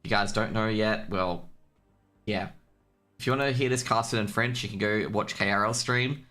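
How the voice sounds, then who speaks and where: Bright-voiced Australian man casting. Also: on the low side, fairly even intonation, normal speed, faint music behind. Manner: chatty, rambling, jokey. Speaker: esports caster. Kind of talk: casual solo stream commentary.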